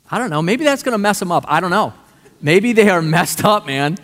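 A male pastor preaching a sermon, animated and conversational, full of rhetorical questions. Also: high voice, a little fast. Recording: long hall reverb.

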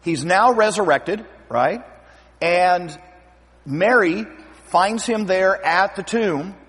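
A man preaching a sermon as pastor, lively and acting out scripture scenes with voices. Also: high voice, takes it slowly, breathy edge. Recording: long hall reverb.

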